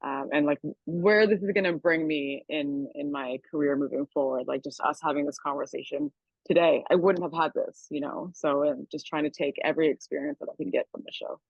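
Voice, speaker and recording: A woman's voice: sits low, steady tone, a little fast, no room sound, muffled recording. A young woman from the Niagara region of Canada, a chef chatting casually with many likes and ums. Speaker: chef guest. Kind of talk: casual interview.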